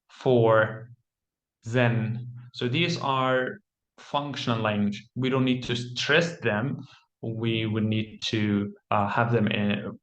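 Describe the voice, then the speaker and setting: A man teaching as a test-preparation trainer, explaining patiently with frequent ums and quick self-corrections. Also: on the low side, a bit bright. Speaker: English teacher and PTE trainer. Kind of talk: instructional explanation. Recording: roomy echo.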